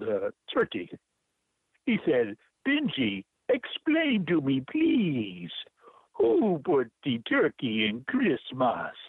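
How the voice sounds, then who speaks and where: A man's voice: a little high, no echo, heavily acted. A man calling in on the phone, reading a poem aloud in a put-on Jamaican accent. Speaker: caller. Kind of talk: poetry reading. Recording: phone line.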